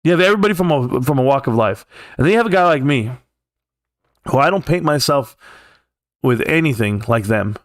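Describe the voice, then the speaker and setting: Streamer type, Californian man, heated profane rant, mid-pitched voice, dry close sound. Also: animated, a little fast, pauses often, dry recording. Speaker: livestream host. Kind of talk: casual ranting livestream.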